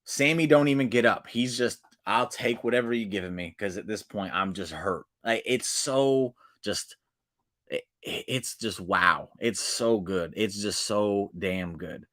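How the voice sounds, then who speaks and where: A man recapping a wrestling show in casual solo talk, excitable, swinging between loud bursts and quiet asides. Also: lowish voice, slow pace. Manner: excitable, swings loud and soft, restarts often.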